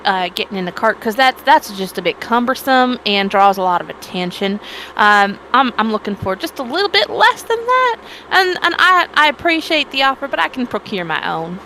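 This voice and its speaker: A woman voicing a polite, guarded adventurer with a Southern accent, courteous and halting as she turns down an offer. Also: on the high side, pushed and bright, slight background noise. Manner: halting, courteous, over-explaining.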